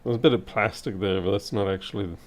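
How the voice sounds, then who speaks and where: A man thinking aloud in casual live-stream commentary as he repairs electronics, his voice a little hoarse and wavering. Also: lowish voice, steady tone, quick pace. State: slightly hoarse. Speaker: repair technician livestreaming.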